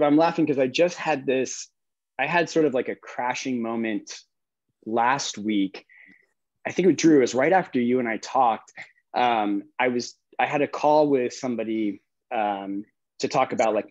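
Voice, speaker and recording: A man co-hosting a casual conversation, speaking candidly and haltingly about himself, with a self-deprecating edge. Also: medium pitch, dry recording, dull audio. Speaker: podcast co-host.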